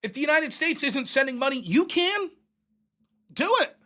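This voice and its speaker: A man hosts his own political show alone, ranting in a sarcastic and combative way and swearing freely. His voice jumps all over the place and has a bright, sharp edge. He often mocks the people he argues against. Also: extremely high pitch, very animated, normal speed. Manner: mocking mimicry of opponents. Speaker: political commentary host. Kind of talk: solo political rant.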